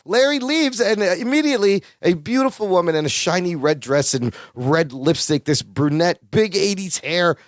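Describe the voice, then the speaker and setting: Lively, expressive podcast co-host. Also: mid-range voice, normal speed, few pauses, dry recording, clean studio sound. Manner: enthusiastic, laughs often, lively retelling. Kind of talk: casual sitcom recap chat.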